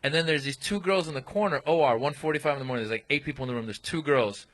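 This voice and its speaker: A man's voice: fairly high pitch, very fast, a bit bright. A male comedian telling a stand-up story on a live comedy podcast, acting out quotes in raised voices. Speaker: comedian guest.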